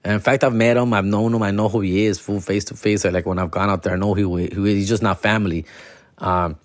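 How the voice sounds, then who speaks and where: A man in his forties telling a story in casual chat, slangy and profane, slipping into Spanish and doing animated impressions of people. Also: lowish voice, quick pace, no room sound, clean studio sound. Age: 40s.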